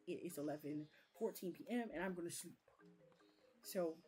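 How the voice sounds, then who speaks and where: Young woman, book vlogger, rambling and chatty, lower voice, soft music under her. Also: animated, moderate pace. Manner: rambling, chatty, many fillers. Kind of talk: casual live-stream chat.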